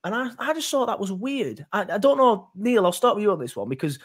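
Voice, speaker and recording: A man's voice: high voice, big pitch swings, fairly quick. A man hosting a casual football fan podcast, rambling with many fillers and restarts. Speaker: podcast host.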